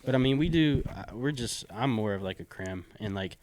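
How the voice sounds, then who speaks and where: Laid-back low-voiced podcast guy. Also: expressive, fairly quick, a little mellow. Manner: loose, rambling, swears casually. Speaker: podcast co-host. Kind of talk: casual chat.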